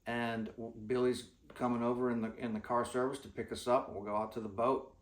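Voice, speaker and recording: A man's voice: medium pitch, level tone, brisk, reverberant. A man telling rambling, folksy stories in a casual way, full of restarts and fillers. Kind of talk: casual storytelling.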